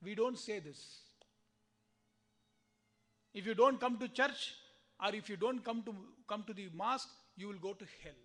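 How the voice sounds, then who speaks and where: Indian swami giving a talk, really high voice, keeps throwing questions at the crowd. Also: male voice, normal speed, long pauses, a bit bright. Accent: Indian English. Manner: asks the audience rhetorical questions, acts out the dialogue himself. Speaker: swami giving a spiritual discourse. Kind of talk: spiritual discourse to a temple audience.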